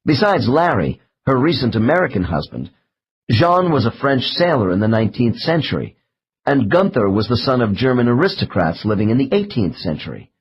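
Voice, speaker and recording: A man narrating an audiobook in a measured, slow reading of case transcripts. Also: mid-range voice, very animated, husky, lo-fi sound. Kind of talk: scripted narration.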